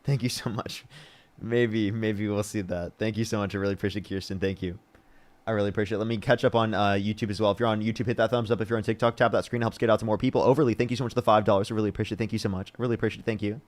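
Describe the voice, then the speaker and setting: A man's voice: on the low side, steady tone, rapid-fire. A man hosting a livestream debate show, thanking donors and pressing callers on their views. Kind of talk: casual livestream chat.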